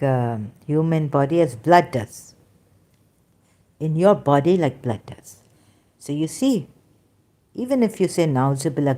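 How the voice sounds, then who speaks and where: A woman's voice: low voice, a little mellow. A woman in pain giving an emphatic, rambling lecture, scolding her listeners. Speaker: religious critic. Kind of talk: lecturing monologue.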